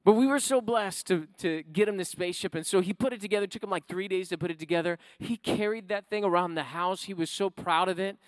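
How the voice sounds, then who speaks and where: High-voiced man preaching a story-led sermon. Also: fast talker, hardly any pauses, dry recording. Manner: storytelling that builds to emphatic preaching. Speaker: pastor.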